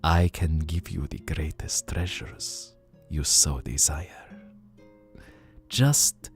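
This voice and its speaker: A man voicing a mysterious male desert dragon merchant who tempts listeners with treasure in a slow, hushed voice. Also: extremely low pitch, steady tone, soft background music, pitched below the performer's own voice, exaggerated voice. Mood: tempting.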